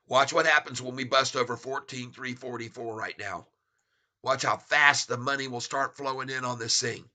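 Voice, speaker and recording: A man giving live stock-trading commentary, gleeful and excitable, reading out prices and chuckling at the market. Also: mid-range voice.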